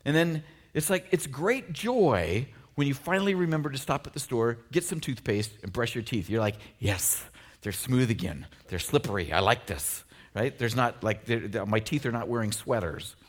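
A man's voice: mid-range voice, normal speed, hardly any pauses. A man preaching a sermon in a casual, conversational way, with lots of rhetorical questions. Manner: conversational and animated, full of filler likes and rhetorical questions. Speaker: pastor.

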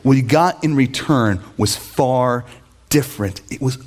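A middle-aged man, a pastor, preaching a sermon with animated storytelling and mocking voices for quoted characters. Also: mid-range voice, measured pace.

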